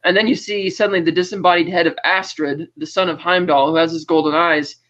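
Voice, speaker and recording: A high-pitched man with a bright, forceful edge to his voice hosts a casual movie review chat. He retells scenes with animation and slips into the characters' lines as he goes. The sound is dull and lo-fi. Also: fast. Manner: animated storyteller, acts out lines of dialogue. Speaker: podcast host, film reviewer.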